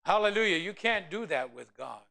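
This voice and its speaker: Gravelly, animated man preaching a sermon. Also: high-pitched, moderate pace. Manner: animated, humorous asides to the congregation. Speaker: pastor.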